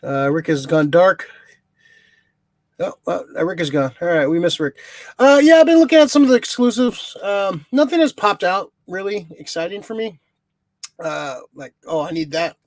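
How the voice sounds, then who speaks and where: A man's voice: high-pitched, normal speed, dry recording. A man hosting a podcast in a casual, rambling way, full of fillers and easy swearing. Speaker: podcast host. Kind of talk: casual chat.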